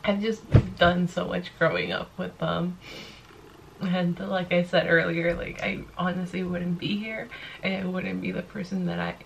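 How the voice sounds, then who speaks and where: A woman's voice: lowish voice, level tone, unhurried, vocal fry, muffled recording, slight background noise. A woman in her twenties vlogging to camera, gushing and teary, breaking into giggles often. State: teary and emotional. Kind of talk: casual emotional vlog to camera.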